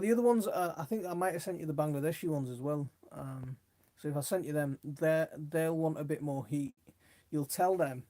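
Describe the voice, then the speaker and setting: A man's voice: a little high, mellow. Middle-aged man, live stream host, rambling chatty talk, reads viewer comments, gets sidetracked. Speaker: gardening livestream host. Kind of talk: casual live chat reading viewer comments.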